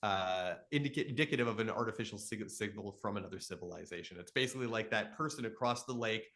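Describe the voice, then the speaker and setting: A Canadian man in his thirties explains astronomy with real enthusiasm during a live Q&A, telling stories and putting on lively voices for quotes. He speaks in a lowish register at a quick pace.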